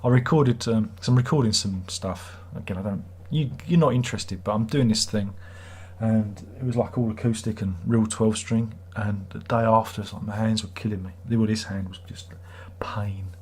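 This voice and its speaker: Man, British accent, middle-aged, husky, rambling livestream chat, wry. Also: lowish voice, fairly even intonation, moderate pace, a little mellow. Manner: rambling, chatty, wry self-mocking. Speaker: livestream host.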